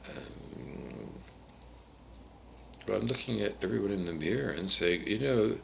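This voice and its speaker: A man's voice: mid-range voice, creaky, sharp tone, a little hiss or hum. A man from Canada talking alone to camera in a rambling, digressive monologue full of tangents and restarts. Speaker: vlogger.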